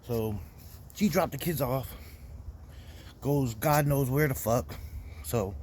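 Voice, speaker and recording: A man's voice: medium pitch, slow, darkish tone, a little hiss or hum. A young man telling a weekend story as host, casual and profane, heated as he talks. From Florida. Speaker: podcast host.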